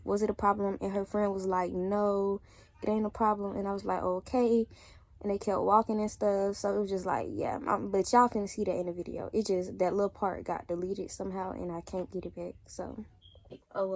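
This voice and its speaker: A young woman tells a storytime, and her voice has a husky grain. She talks casually and jumps into quoted lines with a lot of life. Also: medium pitch. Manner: animated retelling, acts out quotes, yells some lines. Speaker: vlogger.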